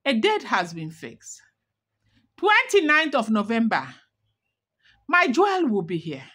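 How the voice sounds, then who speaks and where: A woman's voice: on the high side, huge pitch swings, a little slow, bright, forceful tone, breathy edge, exaggerated voice. A woman voicing an angry male king who scolds his elders with rhetorical questions. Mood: indignant.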